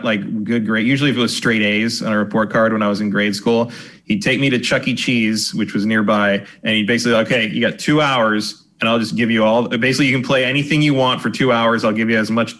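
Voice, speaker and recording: A man's voice: lowish voice, fairly bright tone. A man co-hosting a podcast, telling a rambling story and swearing casually. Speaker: podcast co-host.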